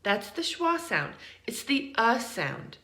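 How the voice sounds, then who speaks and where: An American woman teaching English pronunciation in an online lesson, speaking deliberately and drawing out example words. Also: on the high side, very animated, bright, forceful tone. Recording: roomy echo.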